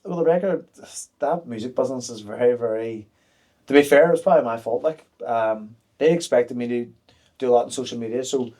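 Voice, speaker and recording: A man in his thirties talks fast as a podcast guest. His speech is frank and open, full of quick fillers and restarts, and his pitch sits in the middle range. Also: warm tone. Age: 30s. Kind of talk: candid podcast conversation.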